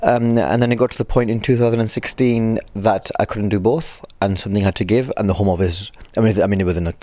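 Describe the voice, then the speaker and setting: A man's voice: fairly low pitch, steady tone, quick pace, mellow, no room sound. A man from northern England, a comedian chatting casually as a guest, wry and self-deprecating. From Blackburn, northern England. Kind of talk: casual chat.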